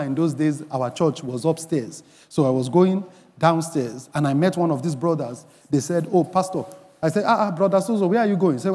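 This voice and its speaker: A man preaching a sermon as pastor, emphatic, rising to shouts and bursts of song. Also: a little high, in a large hall. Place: church.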